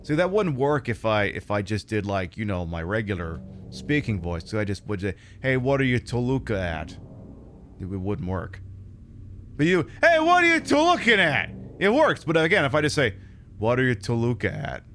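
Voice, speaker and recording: A man's voice: lowish voice, very animated, moderate pace, a little hiss or hum. A man streaming a video game, giving casual, rambling commentary full of sarcastic jokes and swearing.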